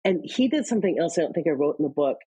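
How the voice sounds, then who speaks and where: A woman from Iowa speaks as an interview guest in a low, husky, mellow voice. She tells personal stories candidly, moving between quick bursts and slower pauses. The sound is dry and close. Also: lively intonation, no echo, muffled recording. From Iowa, US Midwest. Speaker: guest, leadership author.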